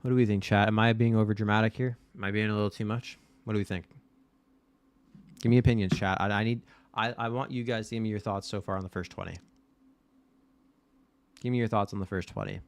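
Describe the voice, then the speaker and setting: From his desk mic, a man with a somewhat low voice hosts a casual live watch-party stream, talking straight to his chat. He's blunt and loose, tossing in the occasional swear word, speaking fast in a steady tone with frequent pauses.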